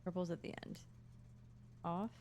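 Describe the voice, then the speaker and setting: A woman's voice: on the low side, steady tone, unhurried, a little mellow, slight background noise. A woman streaming a video game, chatting casually and reacting aloud to what happens and to her chat. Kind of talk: casual gameplay commentary.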